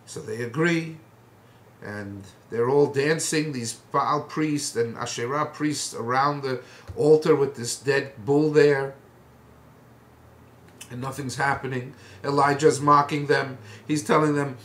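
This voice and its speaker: A man teaching a Bible passage as a lively, colloquial story with dramatic flair. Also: medium pitch, unhurried. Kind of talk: storytelling lesson. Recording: echoey room.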